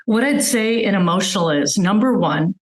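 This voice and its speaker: A woman's voice: medium pitch, expressive, normal speed, echoey room, rough recording. A woman physician giving a webinar talk, earnestly explaining with everyday examples over a video call. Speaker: physician guest speaker.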